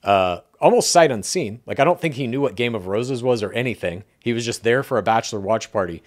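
A man co-hosting a casual podcast, telling an anecdote with animated delivery and acting out the dialogue he quotes. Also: medium pitch, fairly quick. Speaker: podcast co-host. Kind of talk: casual podcast chat, storytelling.

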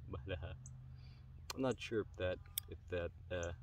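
Low, flat-voiced man vlogging outdoors. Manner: earnest, halting, many pauses. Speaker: pipe-smoking channel host. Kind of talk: casual vlog talk to viewers. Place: outdoors on a rural property. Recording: distant mic, faint outdoor noise.

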